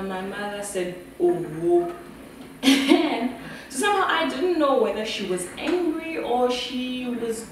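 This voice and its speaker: A young South African woman telling a personal story to camera, chatty and often laughing. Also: on the high side. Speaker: vlogger. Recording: echoey room with noise, far from mic.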